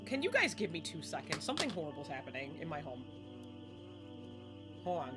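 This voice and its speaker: A young woman streaming a game live, chatting excitably, laughing and swearing casually as she plays. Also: sits low, fairly quick. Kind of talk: live gameplay commentary. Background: faint game music.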